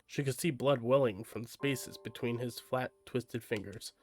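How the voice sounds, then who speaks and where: A man's voice: medium pitch, normal speed, hardly any pauses, a little mellow. A man reading a novel aloud on a live stream, casual and prone to little asides. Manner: casual, stops for asides and laughs at slips.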